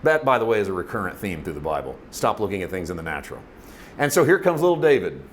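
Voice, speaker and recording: A man teaching a Bible lesson, retelling the story in an informal, animated way and laughing often. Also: low-pitched, quick pace, slight background noise.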